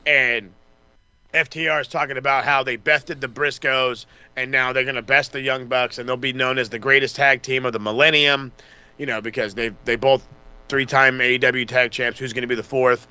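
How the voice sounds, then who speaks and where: A man co-hosting a podcast, casually recapping wrestling with lots of swearing and quick mocking impressions of the wrestlers. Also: mid-range voice, flat delivery, pushed and bright, clean tone, dry recording, lo-fi sound. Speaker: podcast co-host.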